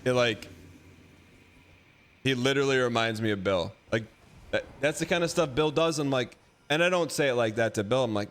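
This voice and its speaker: A man in his thirties hosting a livestream, talking in a rambling, animated, mock-defensive way. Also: medium pitch, normal speed, long pauses. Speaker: livestream host. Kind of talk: casual chat.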